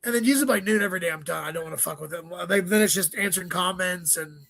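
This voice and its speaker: A man with a high, bright voice talks as a comedian guest in a casual interview, tossing off profane stories and asides. The sound is dry and close, with almost no room around him. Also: vocal fry, no echo. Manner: profane, rapid storytelling with joking asides.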